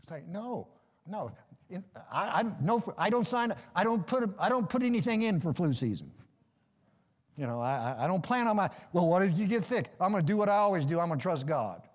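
A man's voice: high-pitched, sing-song, brisk, long reverb tail. A middle-aged man preaching a sermon in a folksy, joking way, calling for amens. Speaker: pastor.

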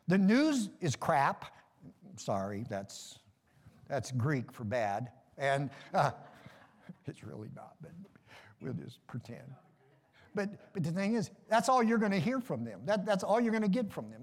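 Middle-aged guy preaching, folksy and jokey, kinda high voice, echoey church hall. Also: big pitch swings, unhurried. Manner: folksy, joking preaching with call-and-response amens. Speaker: pastor. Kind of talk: sermon.

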